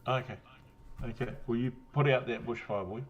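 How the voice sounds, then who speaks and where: A man's voice: mid-range voice, steady tone, moderate pace, dull audio. A man with a New Zealand accent chatting casually on a stream, rambling, swearing and laughing often after a drink. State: had a drink. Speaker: guest on a livestream. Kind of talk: casual chat.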